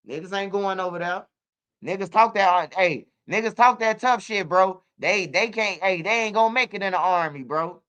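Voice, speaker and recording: A man in his forties chats loosely as a guest, spinning animated stories full of slang and swearing. His voice is bright and forceful with a smooth, crisp tone. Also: sits high, normal speed. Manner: animated storytelling, street slang and profanity, frequent restarts. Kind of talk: casual interview chat.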